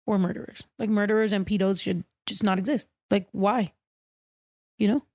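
A woman podcast host telling a story in casual chat, blunt and profane, animated as she talks. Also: medium pitch, moderate pace, no echo, studio quality.

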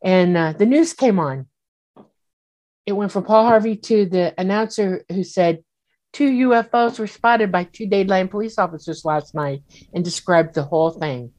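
A woman telling a personal story in casual speech, animated and acting out the voices she quotes, with many fillers. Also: mid-range voice, normal speed. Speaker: guest recounting an experience.

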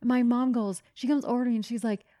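A young woman and mother co-hosting a podcast, telling a funny story in an animated way, swearing casually. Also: a little high, fast talker, no room sound, studio quality. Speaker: podcast co-host. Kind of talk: casual chat.

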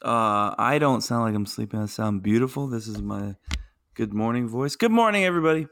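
A man's voice: fairly low pitch, fairly even intonation, normal speed, creaky, fairly bright tone, a little hiss or hum. Laid-back young man hosting a podcast. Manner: laid-back, rambling storyteller. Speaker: podcast host. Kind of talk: casual chat.

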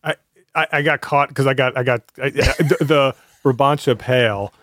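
A man's voice: medium pitch, moderate pace, fairly bright tone, dry recording. Guy on a podcast, stammers and restarts a lot, dry mic, middle voice. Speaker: podcast co-host. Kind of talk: casual chat.

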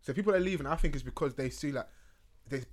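A young man who talks quickly and in a mid-range voice, hosting a casual podcast. His chat is animated and full of slang. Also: mid-range voice. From United Kingdom. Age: 20s. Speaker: podcast host.

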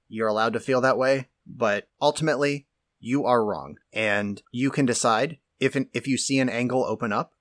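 A man co-hosting a podcast, giving measured, lecturing explanations in casual chat, often with "like". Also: mid-range voice, a bit bright, dry recording, studio quality. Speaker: podcast co-host.

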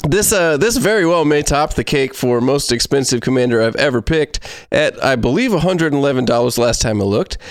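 A man's voice: mid-range voice, lively intonation, fairly quick, smooth, no room sound, clean studio sound. A man hosting a casual card-game chat, talking in a loose, rambling, joking way. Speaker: podcast host.

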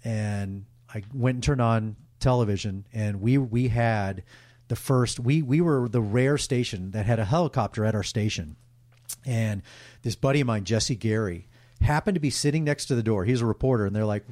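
Low-voiced man telling candid stories. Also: normal speed, darkish tone, no echo, studio quality. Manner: emotional, candid, rambling with restarts. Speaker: guest, sportscaster. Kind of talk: casual interview storytelling.

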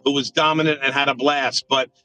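Male sports radio analyst guest, bright forceful tone, faint music underneath, emphatic answers. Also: mid-range voice, flat delivery, a little fast. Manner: emphatic, thinks aloud with restarts. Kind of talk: podcast interview answers.

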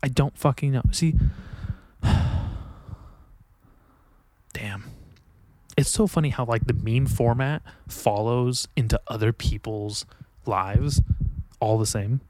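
A man's voice: medium pitch, expressive, measured pace, long pauses, darkish tone, slight background noise. A man hosting a solo podcast, rambling casually with lots of swearing and self-mockery. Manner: profane, rambling, self-mocking. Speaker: podcast host.

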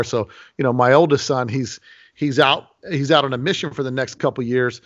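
A man's voice: mid-range voice, fairly quick. Chatty man with muffled sound. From Las Vegas. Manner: animated storyteller, many restarts. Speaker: host. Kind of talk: casual podcast conversation. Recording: lo-fi muffled audio.

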